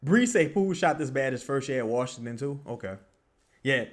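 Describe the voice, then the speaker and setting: A young man streaming live fan commentary on a basketball game, excitable and profane, often bursting into yells at the players. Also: medium pitch, a little fast.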